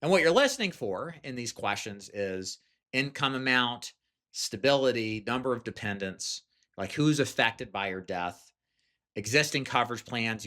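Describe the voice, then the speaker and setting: Bright-voiced man teaching sales. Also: medium pitch, expressive, normal speed. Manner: direct, conversational, frequent "okay?" check-ins. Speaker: sales trainer. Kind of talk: instructional talk.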